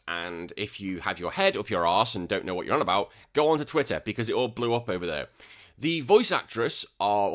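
Guy ranting on his podcast, swears loads, voice jumps all over. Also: lowish voice. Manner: animated, swears a lot, exasperated rants. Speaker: podcast host. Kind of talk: casual sweary podcast chat.

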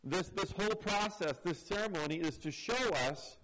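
A man's voice: sits high, moderate pace, a bit bright, poor audio. A man preaching a teaching sermon, explaining verses step by step and often repeating words as he restarts a phrase. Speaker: pastor.

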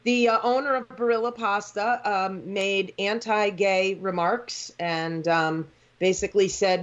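A woman's voice: mid-range voice, fairly even intonation, measured pace, few pauses, highs cut off. A woman co-hosting a casual chat, blunt and emphatic as she explains things. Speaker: podcast co-host.

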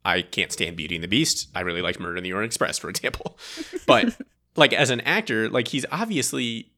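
A man co-hosting a podcast, chatting casually about a film in a rambling, animated way and laughing often. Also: on the low side, a little fast. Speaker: podcast co-host. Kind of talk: casual movie review chat.

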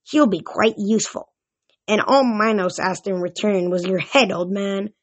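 A woman's voice: medium pitch, unhurried, close to an everyday voice. A woman doing a smug, cruel she-demon. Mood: scheming. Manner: smug, taunting. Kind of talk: reading a novel aloud with voices.

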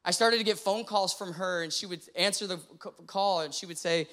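Bright-voiced young pastor, earnest. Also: male voice, high-pitched, brisk. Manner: earnest, heartfelt storytelling. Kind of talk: personal testimony sermon.

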